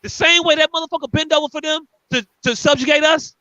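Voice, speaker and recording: Angry, high-voiced man ranting on a podcast. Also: fairly even intonation, quick pace, few pauses, pushed and bright, no echo, dull audio. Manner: angry, profane, repetitive ranting. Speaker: podcast co-host. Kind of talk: heated podcast rant.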